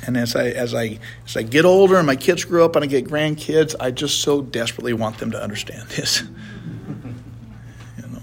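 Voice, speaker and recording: A man's voice: mid-range voice, fairly quick, creaky, slight background noise. A middle-aged man leading a casual Bible study, earnest and heartfelt, often stumbling and repeating words as he talks.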